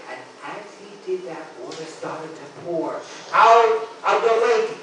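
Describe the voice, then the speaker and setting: Slow, high-voiced storyteller man in echoey room. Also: fairly bright tone. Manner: slow, playful and audience-inviting. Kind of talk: live storytelling to an audience. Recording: echoey room from far off, noisy.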